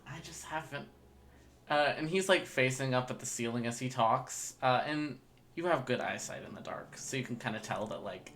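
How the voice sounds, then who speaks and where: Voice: mid-range voice, normal speed, fairly bright tone, soft background music. A game master narrating a tabletop role-play scene in a loose, rambling way.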